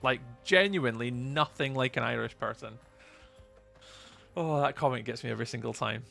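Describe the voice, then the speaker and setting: A man's voice: mid-range voice, normal speed, creaky, a bit bright, soft background music. A young Scottish man casually chatting through a live game stream, rambling and greeting his chat by name. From Scotland. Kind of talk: live gameplay commentary.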